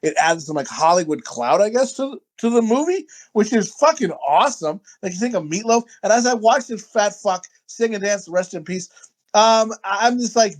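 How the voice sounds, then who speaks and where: A man co-hosting a casual podcast chat, crude, rambling and excitable, often talking over others. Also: high-pitched, moderate pace. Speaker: podcast co-host.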